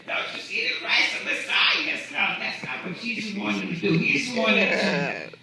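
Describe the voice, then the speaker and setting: A man's voice: high-pitched, big pitch swings, normal speed, sharp tone, very echoey, recorded from a distance, low-quality recording. A man preaching a sermon in a conversational way, often repeating and restarting his words, recorded in a church. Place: church sanctuary.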